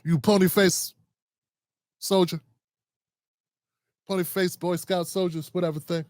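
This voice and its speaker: A man putting on a condescending, folksy older male politician in a hushed, mocking impression. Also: a little high, gravelly, dry recording, clean studio sound, pitched below the performer's own voice. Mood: taunting.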